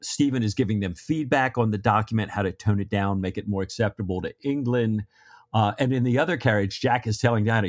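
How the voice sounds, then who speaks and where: A man's voice: on the low side, fairly quick, dry recording, studio quality. A man co-hosting a casual book discussion podcast, loosely retelling scenes with stammering restarts. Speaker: podcast co-host.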